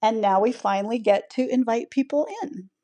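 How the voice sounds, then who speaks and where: A woman's voice: on the high side, moderate pace, warm tone. Giggly American woman in her sixties. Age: 60s. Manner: chatty, giggly, self-deprecating humor. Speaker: podcast co-host. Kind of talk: casual chat.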